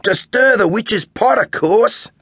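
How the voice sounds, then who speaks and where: A cheeky teenage skateboarder boy, teasing and full of mischief, as a man puts him on. His voice sits higher than a grown man's and swings around a lot. Dry, close audiobook sound. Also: animated, slow, pushed and bright, slightly rough, no room sound, exaggerated voice. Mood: calling out. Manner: teasing, mock-spooky.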